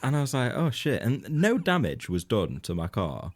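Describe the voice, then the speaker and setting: A man's voice: medium pitch, huge pitch swings, moderate pace. A man co-hosting a comedy podcast, telling a rambling anecdote in casual banter, laughing often and swearing freely. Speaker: podcast co-host.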